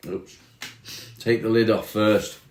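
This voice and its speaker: A man's voice: lowish voice, takes it slowly, reverberant. A man hosting a casual livestream, chatting easily and replying to comments as he reads them. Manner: relaxed, chatty, says mate often. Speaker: livestream host.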